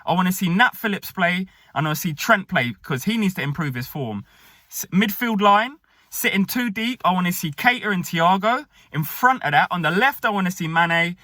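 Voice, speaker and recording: A man's voice: high-pitched, animated, bright, forceful tone, dry recording, studio quality. A young man gives an opinionated, casual match review, often tagging his points with a questioning "yeah?". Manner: brisk, opinionated, tags lines with "yeah?". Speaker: football fan reviewer.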